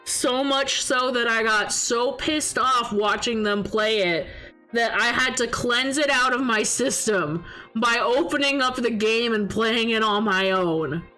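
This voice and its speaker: High-voiced woman telling stories on stream. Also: measured pace, soft background music, rough recording. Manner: animated storytelling, swearing and laughing. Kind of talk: casual chat stream.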